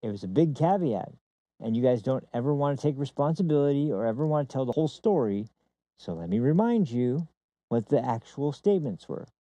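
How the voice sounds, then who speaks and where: A man making a forceful political argument, full of fillers and restarts. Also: medium pitch, lively intonation, fairly quick, no echo, muffled recording.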